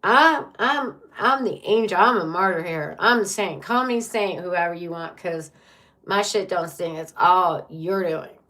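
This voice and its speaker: A woman's voice: fairly low pitch, a little slow, bright, forceful tone. A woman mocking a self-righteous blaming partner. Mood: indignant. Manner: indignant, self-justifying.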